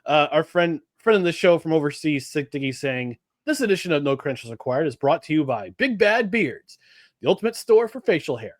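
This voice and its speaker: A man co-hosting a sports podcast, talking in an animated, exasperated way with many restarts. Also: a little high, fairly quick, no room sound, clean studio sound. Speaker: podcast co-host. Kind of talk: casual sports talk.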